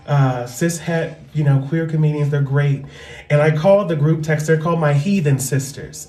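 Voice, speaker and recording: A woman comedian talking loudly and animatedly in a casual, profane monologue into a microphone. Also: sits low. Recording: roomy echo with faint music.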